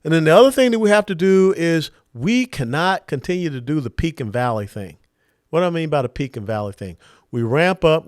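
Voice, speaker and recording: A man's voice: medium pitch, dry recording, clean studio sound. A man delivering a political monologue as host, emphatic and punchy, leaning hard on stressed words. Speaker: political commentator hosting a monologue.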